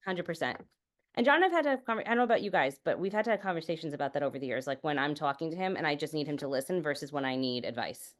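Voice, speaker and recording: A woman with a low-pitched voice talks casually on a podcast. She tells family stories candidly and swears without hesitation. Her speech is loose and full of fillers like "like" and "you know". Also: expressive, racing. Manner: candid, swears freely, storytelling. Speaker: podcast guest. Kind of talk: casual chat.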